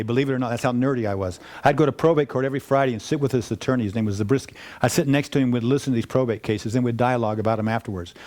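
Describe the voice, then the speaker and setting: An older man talks to an audience at a quick clip, spinning stories from his working life. He rambles through restarts and side remarks, animated and chatty, in a mid-pitched voice. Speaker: wealth planning firm founder. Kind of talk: casual storytelling talk to an audience.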